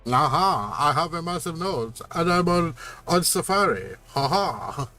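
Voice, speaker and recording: A man's voice: fairly high pitch, lively intonation, a little slow, sharp tone, soft background music, pitched above the performer's own voice. A man putting on a nasal, pompous voice for a posh big-nosed man on safari. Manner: exaggerated pompous drawl.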